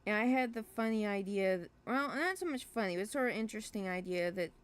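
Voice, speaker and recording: A woman who makes a webcomic, chatting casually on a livestream in a rambling, hesitant way, full of fillers and restarts and quick to apologize for herself. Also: medium pitch, animated, clean tone. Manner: self-deprecating, apologetic. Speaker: webcomic creator streaming live.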